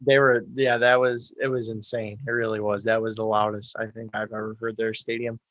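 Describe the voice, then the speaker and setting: A young man chatting as a podcast guest, agreeable and steady in his delivery. His pitch is ordinary but the melody is flat and even, and the sound is dry and close. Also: brisk, no echo. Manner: agreeable, steady, many fillers. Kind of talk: casual chat.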